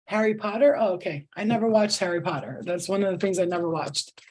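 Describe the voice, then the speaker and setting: A woman's voice: medium pitch, quick pace, darkish tone. A middle-aged woman hosting a live spiritual reading, talking casually, swearing, restarting sentences and laughing often. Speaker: tarot reader.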